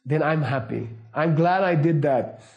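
A middle-aged man giving a casual, anecdotal teaching talk, relaxed and laughing often. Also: on the high side, measured pace, dull audio. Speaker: Buddhist teacher.

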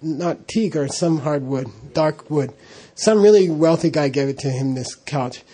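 Middle-aged guy telling a funny story, keeps laughing, kinda husky mellow voice. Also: on the high side, unhurried. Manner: animated, laughing often, acting out dialogue. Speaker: storyteller recalling monastery life. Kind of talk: casual anecdote.

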